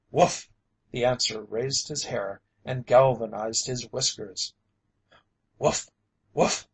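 A man reading a story aloud as an audiobook narrator, in a steady, even manner. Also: medium pitch, husky, poor audio. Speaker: audiobook reader.

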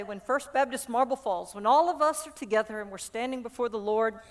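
Passionate woman preaching. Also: fairly high pitch. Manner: passionate, repeats words while building a point. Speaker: pastor. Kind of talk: sermon.

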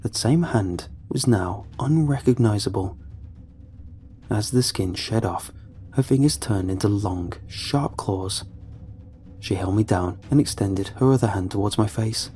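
Low-voiced man narrating horror. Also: warm tone, faint music behind. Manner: measured, ominous.

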